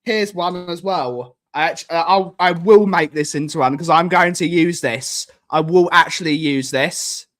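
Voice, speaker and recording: A man's voice: on the high side, normal speed, hardly any pauses, fairly bright tone. A man hosting a casual live stream, rambling and joking and repeating himself as he clicks through things on screen. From United Kingdom.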